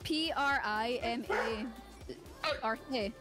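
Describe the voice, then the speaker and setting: A woman's voice: a little high, slow, faint music behind. A woman from Scotland with a Scottish accent, chatting casually on a voice call while gaming and laughing often. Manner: giggly and animated, laughs often. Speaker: gamer.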